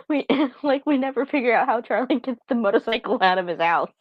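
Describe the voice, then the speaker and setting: A woman's voice: fairly high pitch, expressive, moderate pace, dry recording. A young woman chats on a fan podcast in a blunt, casual way, dropping swear words and laughing easily. Her audio sounds a bit dull and muffled, and it is dry and close. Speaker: podcast co-host.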